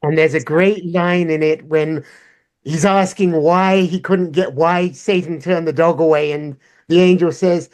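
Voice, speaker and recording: A man on a convention panel, summarizing things in a brisk, matter-of-fact way. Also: fairly high pitch, fairly even intonation, a little mellow.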